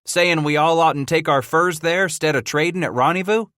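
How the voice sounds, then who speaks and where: A man voicing a grizzled old mountain man trapper with a frontier drawl, gruff and worried, in a storybook reading. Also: fairly high pitch, normal speed, a bit bright, dry recording, clean studio sound, pitched above the performer's own voice, lightly acted.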